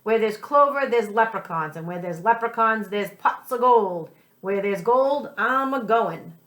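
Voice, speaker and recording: A woman's voice: fairly high pitch, expressive, measured pace, fairly bright tone. A woman voicing a greedy, stubborn male pirate captain with blustering pirate talk in a storybook read-aloud. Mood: scheming. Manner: pirate dialect, blustering exclamations.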